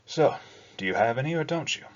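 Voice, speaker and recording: A man voicing a shrewd, guarded male travelling merchant who talks briskly about business. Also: a little high, expressive, muffled recording, pitched above the performer's own voice, lightly acted. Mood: businesslike.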